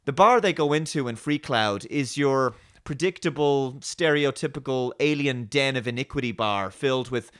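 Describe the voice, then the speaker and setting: A man hosting his own show, giving a sarcastic, animated review commentary. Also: medium pitch, moderate pace, few pauses, clear, resonant tone. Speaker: host.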